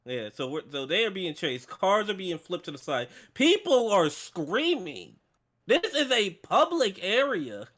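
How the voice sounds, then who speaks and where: Lively, sarcastic male book club co-host. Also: sits high, unhurried. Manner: animated, sarcastic, swears freely. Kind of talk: casual chat. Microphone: streaming setup.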